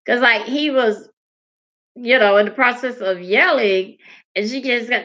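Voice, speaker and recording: Gravelly, bright-voiced woman telling stories. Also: normal speed. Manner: animated storytelling, acts out quoted people with big pitch swings. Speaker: podcast co-host. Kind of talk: casual comedic chat. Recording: dull lo-fi podcast audio.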